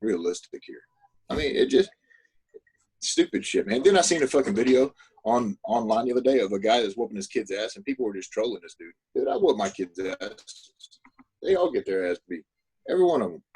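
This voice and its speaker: Dude on a podcast, husky voice, cusses a lot, pitch jumping all over. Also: male voice, sing-song, a little fast, darkish tone, low-quality recording. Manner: profane, loose. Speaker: podcast guest. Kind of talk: casual chat.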